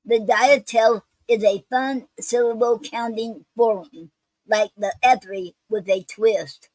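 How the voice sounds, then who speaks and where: A woman's voice: fairly high pitch, steady tone, slow pace, darkish tone, dry recording, poor audio. A woman hosting a poetry show, reading poems and explaining a poetic form in a hesitant way, with many ums and restarts.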